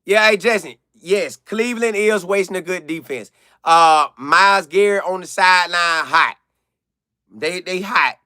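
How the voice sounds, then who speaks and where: A young man chats with his live audience in a high, bright voice. He is animated and excitable, hammering his points home by repeating them. The sound is dry and close to the mic. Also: unhurried, clear, resonant tone, no echo. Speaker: live-stream host answering chat. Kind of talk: casual live chat commentary.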